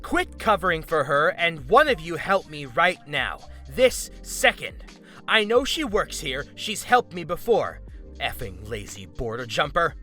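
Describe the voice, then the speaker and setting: A man's voice: medium pitch, animated, brisk, few pauses, sharp tone, soft background music. A man voicing a furious, entitled middle-aged woman shopper who screams indignantly. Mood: shrieking. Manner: shrieking, indignant.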